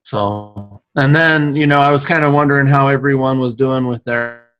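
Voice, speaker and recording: A man sharing on a group video call, speaking hesitantly with many pauses and fillers. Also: mid-range voice, steady tone. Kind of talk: casual sharing. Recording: dry, dull lo-fi call audio.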